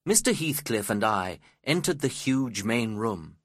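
An audiobook narrator reads a novel aloud in the first person, delivering scripted narration in a measured, expressive storytelling style. His voice is fairly low, and the recording is studio quality with no room sound.

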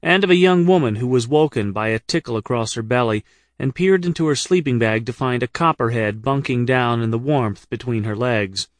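A man's voice: medium pitch, normal speed, no echo. A man narrating his own comic travel memoir in a dry, wry storytelling manner, read close to the microphone. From United States. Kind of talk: first-person audiobook narration.

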